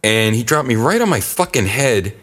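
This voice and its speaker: Animated man telling a rowdy story. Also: mid-range voice, normal speed, a little hiss or hum. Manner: animated, laughing, profane storyteller with sudden yelps. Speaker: podcast guest. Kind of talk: casual storytelling chat.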